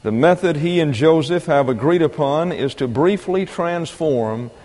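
A man's voice: a little high, animated, measured pace, a little mellow. A man retelling a film scene as a storyteller, acting out the characters' lines. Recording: long reverb.

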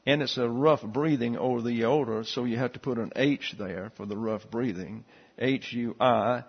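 A man teaching a Bible class, explaining Greek letters and a verse in a steady, explanatory way with frequent fillers. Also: mid-range voice, normal speed, creaky, slightly rough, highs cut off.

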